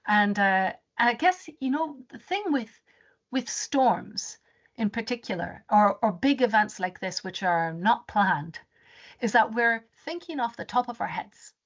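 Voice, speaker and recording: A woman presenting a webinar as a rainforest advisor. She tells her story in an animated way and often restarts her sentences. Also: medium pitch, unhurried. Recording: dull lo-fi webinar audio.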